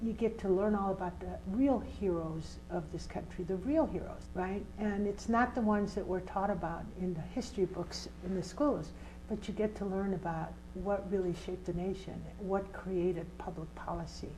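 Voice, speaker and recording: A woman's voice: medium pitch, moderate pace, mellow, slight background noise, low-quality recording. Older woman telling a vivid story. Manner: vivid, emphatic storyteller who acts out scenes. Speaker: community organizer and trainer. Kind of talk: personal storytelling in an interview.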